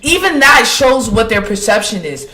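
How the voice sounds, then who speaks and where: A woman's voice: on the high side, very animated, moderate pace, bright, forceful tone, echoey room. A woman co-hosting a casual anime reaction stream, emphatic and talking straight to her audience. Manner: emphatic, keeps addressing the audience as y'all.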